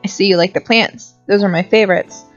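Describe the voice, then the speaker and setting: A woman voicing a calm, soft-spoken woman doctor in a visual novel, with a low, soothing manner. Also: fairly quick, lightly acted. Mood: gentle. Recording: dull lo-fi with faint music.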